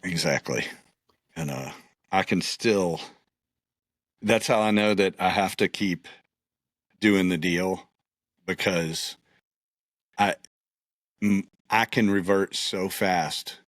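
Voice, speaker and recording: A podcast host in his fifties with a notably low, deep voice. He talks in a relaxed, self-deprecating way, and the sound is dry and close with no room echo. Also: takes it slowly, long pauses. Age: 50s. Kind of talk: casual conversation.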